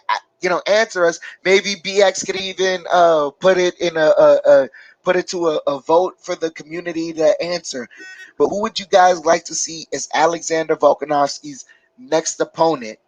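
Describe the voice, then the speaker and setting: A man co-hosting a loose live-stream sports talk, his voice sitting on the higher side. He rambles and hesitates, filling gaps as he thinks. The sound is dry and close, with no room echo. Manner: rambling, halting with many fillers. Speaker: co-host.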